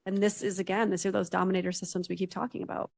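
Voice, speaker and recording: A woman's voice: medium pitch, level tone, very fast, creaky, no room sound. A woman psychotherapist talking as a podcast guest, direct and emphatic, often checking in with "right?". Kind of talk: podcast conversation.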